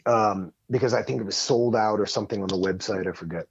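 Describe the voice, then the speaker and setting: A man's voice: on the low side, fast, slightly rough, no echo, lo-fi sound. A man telling a long story in casual podcast chat as a guest, rambling and heavy on swearing. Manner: profane, rambling, animated.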